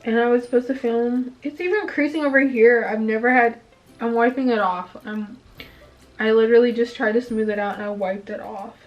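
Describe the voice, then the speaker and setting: Young female beauty vlogger, slightly high voice, chatty and exasperated, short of breath, faint music underneath. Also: steady tone, a little fast, lo-fi sound. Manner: chatty, frustrated venting with filler "like". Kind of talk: casual makeup review chat. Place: indoors at home, filming herself.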